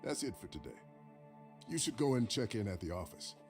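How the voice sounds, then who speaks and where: A calm middle-aged male doctor from a game, his voice dropped low and swinging widely in pitch, as a male streamer puts him on. He speaks in a measured way, with faint music underneath.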